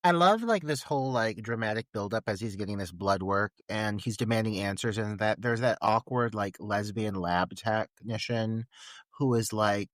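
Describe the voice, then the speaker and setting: Animated, cursing man podcaster. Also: lowish voice, normal speed, no room sound. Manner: animated, profane, laughing recaps. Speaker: podcast co-host. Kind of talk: casual film-review chat.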